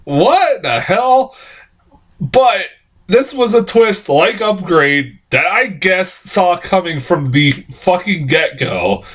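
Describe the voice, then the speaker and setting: Animated, swearing man reviewing a movie. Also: slow. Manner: rambling, swears a lot, laughs at his own points; animated, jumps high in pitch when exclaiming. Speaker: film reviewer. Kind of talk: casual profane film review.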